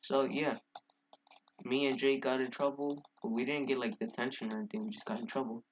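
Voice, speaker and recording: A man's voice: medium pitch, little pitch movement, fairly quick, highs cut off, a little hiss or hum. Rambling, profane young-sounding male storyteller. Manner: rambling, profane, heavy with fillers. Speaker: storyteller vlogger. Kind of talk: casual story time.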